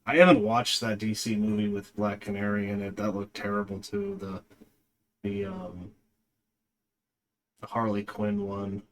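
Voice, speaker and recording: A man's voice: lowish voice, flat delivery, unhurried, pauses often. A man reviewing a movie in a casual, rambling way, with lots of fillers and a dismissive tone.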